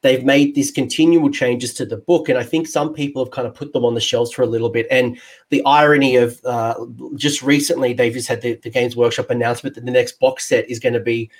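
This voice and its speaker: Jokey and excitable, an Australian tabletop game coach hosts a casual podcast conversation. He talks briskly in a mid-range voice.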